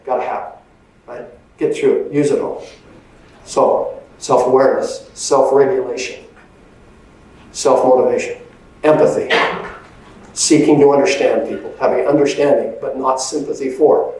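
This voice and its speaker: A man's voice: mid-range voice, fairly even intonation, normal speed, pauses often, dark tone, heavy reverb, recorded from a distance, poor audio. A man giving a motivational leadership presentation, with an emphatic, conversational delivery that often checks in with "right?". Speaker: leadership speaker.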